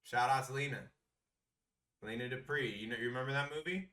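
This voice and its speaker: A young man co-hosting a casual podcast, animated and slangy, repeating himself for emphasis. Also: mid-range voice, a little fast, recorded from a distance. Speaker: podcast co-host.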